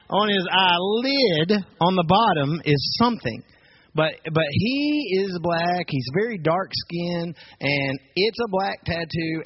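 A man's voice: high-pitched, muffled recording, slight background noise. Man telling a story, lots of fillers. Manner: lively, full of fillers and acted-out quotes. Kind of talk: animated personal storytelling.

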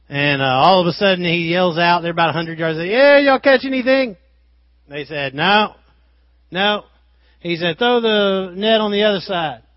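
Animated male preacher with a lilt. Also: on the high side, dry recording, dull audio. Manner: animated, swings between loud emphasis and quiet asides. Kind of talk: sermon.

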